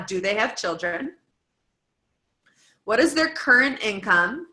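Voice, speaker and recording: A woman's voice: medium pitch, bright, forceful tone, poor audio. A woman in her thirties from the United States, giving an informal coaching talk with lots of "um" and "like" and long lists of questions. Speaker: guest speaker coaching fitness coaches. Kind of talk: casual talk walking through a worksheet.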